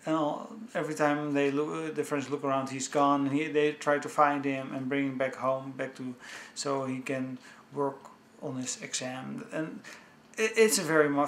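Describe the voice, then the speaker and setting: A man chatting casually about films he owns, talking with enthusiasm in a halting way full of restarts. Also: mid-range voice, vocal fry, a bit bright, a little hiss or hum. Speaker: movie vlogger. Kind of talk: casual home-video review. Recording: echoey room.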